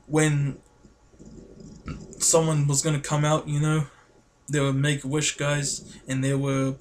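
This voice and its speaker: Excitable guy vlogging, slightly high voice, rambles and keeps saying guys and you know. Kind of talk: casual storytelling to camera.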